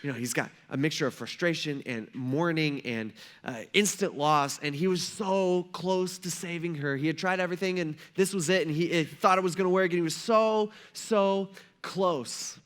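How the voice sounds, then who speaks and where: Male pastor with a high voice; loose, conversational preaching style with animated retellings. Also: moderate pace. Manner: conversational, slangy, acts out quoted voices. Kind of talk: casual sermon. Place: church.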